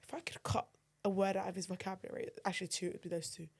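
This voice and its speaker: A woman's voice: mid-range voice, very fast, gravelly, husky. A young mother, chatting casually and expressively about her son, with slangy phrasing. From United Kingdom. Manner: expressive, slangy, drops into near-whispers when quoting. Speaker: podcast co-host. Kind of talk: casual chat.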